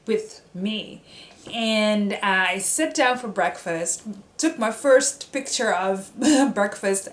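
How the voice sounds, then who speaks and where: Young woman vlogging, lots of ums and likes, echoey room, mid pitch. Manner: chatty, animated, many fillers. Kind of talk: casual storytelling. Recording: roomy echo.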